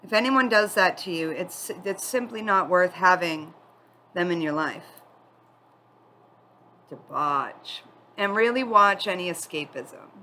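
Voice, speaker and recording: A woman giving a spiritual tarot reading, tearful and crying as she talks in a candid, halting, confiding way. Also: on the low side, lively intonation, pushed and bright, a little hiss or hum, poor audio. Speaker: tarot reader.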